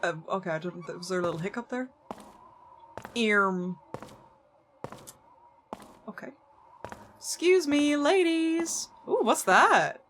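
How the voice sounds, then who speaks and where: Slow and animated, this woman's mid-range, slightly bright voice leaves long pauses, with a little hiss or hum underneath. She's streaming a horror game, joking and casually swearing while speaking directly to the characters.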